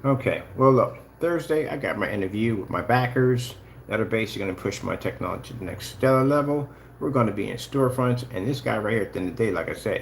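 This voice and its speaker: A man's voice: on the low side, slight background noise. A man giving casual, taunting livestream commentary, full of sing-song mockery. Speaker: channel host.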